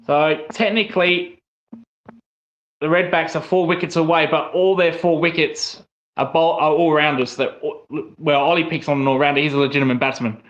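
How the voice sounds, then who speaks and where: Excitable South Australian cricket streamer. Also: male voice, on the high side, moderate pace, muffled recording. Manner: excitable, rises sharply on wickets. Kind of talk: casual live watchalong commentary.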